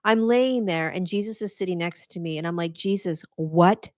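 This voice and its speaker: Earnest woman podcast host, low voice. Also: a little fast, dry recording, clean studio sound. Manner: earnest, animated, talks straight to listeners; frequent restarts and stammers when excited. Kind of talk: personal spiritual storytelling monologue.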